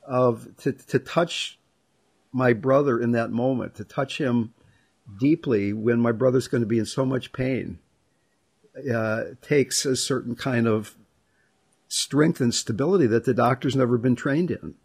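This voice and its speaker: A middle-aged man with a husky, slightly rough voice hosts a reflective conversation. He talks thoughtfully and without hurry, working through personal stories at an even middle pitch. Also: a little slow.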